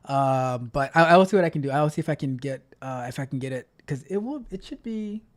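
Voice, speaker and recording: A man's voice: mid-range voice, expressive, fast talker. A man hosting a live stream, chatting casually, reading out chat messages and repeating himself as he talks. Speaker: livestream host.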